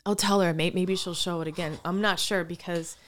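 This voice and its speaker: A woman's voice: lowish voice, a little fast, a little hiss or hum. A woman chatting casually on a podcast, telling a story with lots of "like" and acted-out quotes. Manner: animated storyteller, acts out quoted voices, frequent "like". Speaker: podcast co-host. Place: lives in Hollywood.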